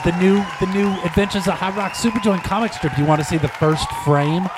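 Hyped guy hosting a stoner talk show, talks super fast, music and crowd noise in the back. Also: sits high. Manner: hyped, rapid, swears a lot. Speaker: show host.

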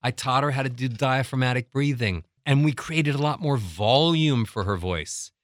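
A middle-aged man working as a voice coach, teaching breathing with lively, acted-out examples. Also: mid-range voice, normal speed, dry recording, studio quality. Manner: animated, acts out little scenes and demonstrates breathing. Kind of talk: instructional talk with acted examples.

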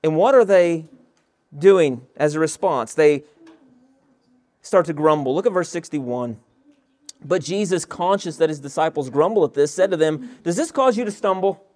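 A man's voice: a little high, measured pace, long pauses, a little mellow. A male pastor preaching an expository sermon, reading scripture verses aloud and asking the listeners rhetorical questions.

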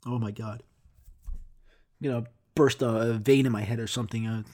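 A young man hosting a solo podcast, ranting profanely and swinging between loud outbursts and low mumbles. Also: steady tone, normal speed, long pauses. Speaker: podcast host. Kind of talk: casual solo podcast rant.

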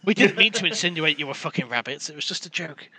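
A British man co-hosting a podcast, ranting and swearing in casual banter, quick to laugh. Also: fairly high pitch, lively intonation, pushed and bright, slightly rough, no echo. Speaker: podcast co-host.

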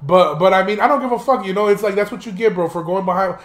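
Young male podcast host, high-pitched, loose and profane storyteller, roomy echo. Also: fast. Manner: profane, rambling, laughs while telling. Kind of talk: casual storytelling monologue.

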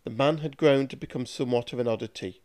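A man reading a dark fantasy story aloud with measured, dramatic narration. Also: medium pitch.

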